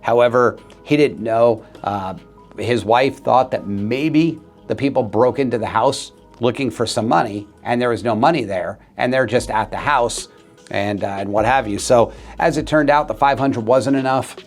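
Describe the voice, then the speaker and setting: A man in a talking-head video, relaying a story in an earnest, conversational way. His voice sits at a middle pitch, and soft music plays faintly underneath. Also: normal speed. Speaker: real estate agent.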